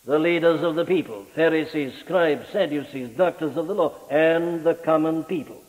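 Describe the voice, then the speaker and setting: A man preaching a sermon in an impassioned, rhetorical way, his pitch sweeping up on key words. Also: normal speed, a little mellow, long reverb tail, poor audio.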